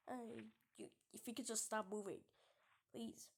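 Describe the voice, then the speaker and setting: A woman's voice: fairly high pitch, steady tone, measured pace, vocal fry, husky. A young woman giving casual gameplay commentary, giggling and often dropping into half-whispered asides. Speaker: gamer.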